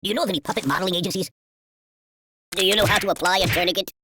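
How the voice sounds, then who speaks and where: A woman's voice: fairly low pitch, very fast, pushed and bright, a little hiss or hum. A woman voicing Buddy, a chatty male ragdoll toy in a mobile game, trading cheeky quips and squealing when hurt. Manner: cheeky quips, then squealing cries of pain. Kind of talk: game character voice lines.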